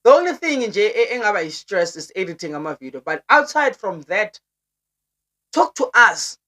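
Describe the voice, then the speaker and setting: Young South African woman vlogger, lively, pushy-friendly, voice jumps high when keen. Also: normal speed. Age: young adult. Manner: animated, urging, pitch leaps up high. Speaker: YouTuber. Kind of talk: casual vlog chat to viewers.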